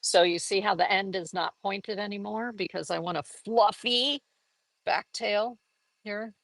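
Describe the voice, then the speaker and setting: A woman giving a casual live painting lesson, chatty and upbeat, laughing often and jumping into high exclamations. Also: unhurried, vocal fry, fairly bright tone, dry recording, low-quality recording. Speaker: art teacher.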